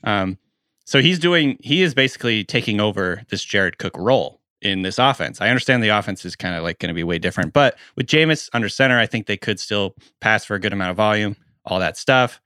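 A man with a fairly low, bright and forceful voice co-hosts a casual podcast. He jokes around and then works through numbers in an analytical way. His voice sounds close and dry. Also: lively intonation, no room sound. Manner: jokey, analytical, quick asides. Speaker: podcast co-host.

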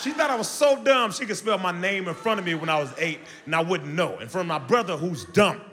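A young man doing a loud, animated stand-up comedy set on stage, jumping into high shouts. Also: a little fast. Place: large comedy venue on stage. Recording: live show in a hall with audience.

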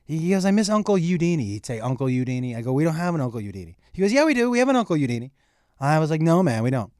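A man's voice: fairly high pitch, very fast, dry recording, clean studio sound. A middle-aged man, a comedian, telling a story in a casual chat, acting out the dialogue and swearing freely. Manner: animated storyteller, acts out dialogue, profane. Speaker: comedian guest.

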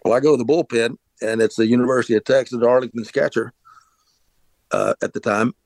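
A middle-aged podcast host who used to pitch casually tells a long story, rambling with frequent restarts, filler words and plenty of "uh"s. His voice is medium in pitch and steady in tone, moving a little fast with no echo.

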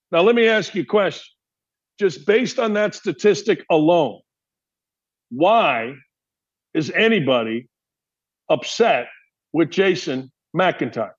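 A man's voice: sits high, slightly rough, lo-fi sound. A man hosting a sports talk show, delivering a heated, opinionated monologue full of rhetorical questions. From Gary, Indiana area.

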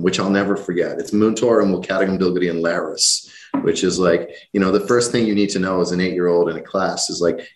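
Deep voiced guy, faint irish accent, easygoing, lots of uh, roomy echo. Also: fairly even intonation, brisk. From Ireland. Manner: easygoing, friendly, frequent "uh" restarts. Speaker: company CEO, guest. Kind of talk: casual interview chat.

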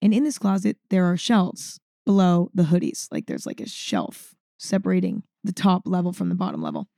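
A female podcast host with a fairly low, creaky voice tells a story at normal speed, chatty and animated, often saying "like." The sound is clean studio audio with no room sound.

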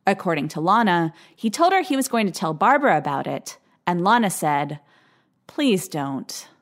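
A woman's voice: on the low side, sing-song, brisk. A woman host giving a scripted narration in a wry, skeptical storytelling manner. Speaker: podcast host. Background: music.

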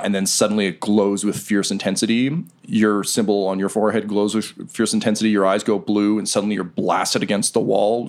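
A man's voice: on the low side, creaky. A man narrating a tabletop role-playing game as game master, telling the story loosely with many fillers. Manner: relaxed, filler-heavy storytelling.

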